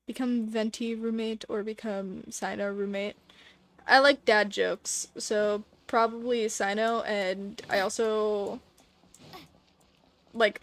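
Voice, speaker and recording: A woman streaming a video game, chatting casually with playful asides. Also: fairly high pitch.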